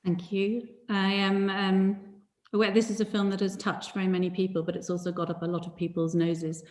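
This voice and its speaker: A woman hosting a talk event, speaking in a measured, formal way. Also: mid-range voice, level tone, darkish tone. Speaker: host. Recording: roomy echo.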